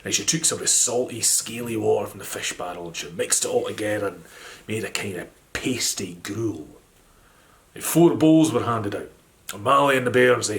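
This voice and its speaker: A man with a Scottish accent telling a folk tale in a gentle, animated storytelling manner. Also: fairly low pitch. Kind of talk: storytelling narration.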